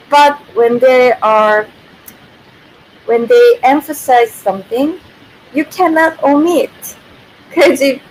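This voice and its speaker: Slow-talking Korean woman teaching grammar. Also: a little high, poor audio. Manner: chatty, laughs often, reads viewer comments. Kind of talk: casual livestream lesson. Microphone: built-in computer mic. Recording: faint background noise, built-in mic.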